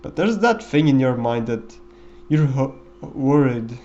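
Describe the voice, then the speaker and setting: A man's voice: mid-range voice, animated, measured pace, darkish tone, lo-fi sound. Rambling man doing casual game commentary. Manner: rambling, with many fillers and restarts. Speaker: gameplay commentator.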